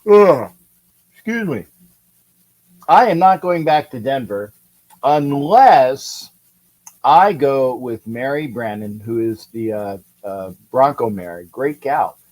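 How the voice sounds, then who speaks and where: A man's voice: mid-range voice, expressive, slow, a little mellow, rough recording. A man from California hosting a casual live sports talk stream, rambling and chatty as he reads viewer comments and greets people by name. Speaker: sports talk livestream host.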